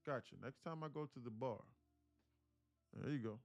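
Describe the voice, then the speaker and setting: Between market calls on his live trading stream, this host casually teases and jokes with his viewers. His voice is mid-range and a little mellow at normal speed, with faint music behind and no room sound.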